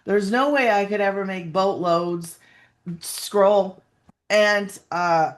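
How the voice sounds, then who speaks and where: A woman speaking with earnest feeling, her voice sitting at a mid pitch. She tells her story with restarts and fillers and sometimes comes close to tears. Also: slow pace. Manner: earnest, tearful at times, lots of fillers and restarts. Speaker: guest sharing her story. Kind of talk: emotional personal testimony.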